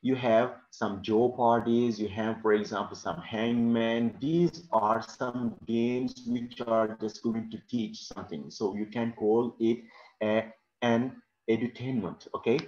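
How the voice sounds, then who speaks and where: A man's voice: mid-range voice, darkish tone. Man teaching vocabulary, echoey room. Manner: explains slowly with frequent "okay?" checks. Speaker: English teacher. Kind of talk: classroom vocabulary lesson. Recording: echoey room, dull lo-fi sound.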